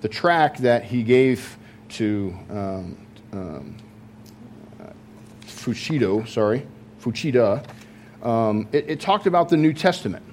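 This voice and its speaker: A man's voice: medium pitch, lively intonation, slow pace, long pauses, a little mellow, slight background noise. A man preaching a sermon, telling a story in a conversational way with many fillers and restarts. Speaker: pastor.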